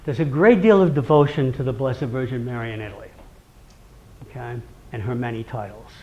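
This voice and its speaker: A Rhode Island–accented man with a mid-range voice talks fairly quickly, captured in dull audio with slight background noise. In his chatty, animated talk on local traditions to a live audience, he acts out quoted voices and keeps checking in with "okay?".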